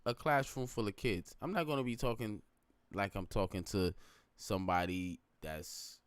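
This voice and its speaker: Low smooth dude rambling on a late nite stream, keeps going "you know what im saying", dry sound. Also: male voice, normal speed, no room sound. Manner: rambling and reflective, repeats phrases, asks "you know what I'm saying". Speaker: live streamer. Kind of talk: late-night casual live stream monologue.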